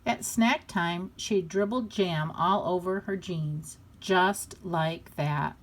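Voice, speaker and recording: A woman reading a children's picture book aloud with a slow, deliberate delivery and expressive pauses. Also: lowish voice, slight background noise. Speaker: storybook reader.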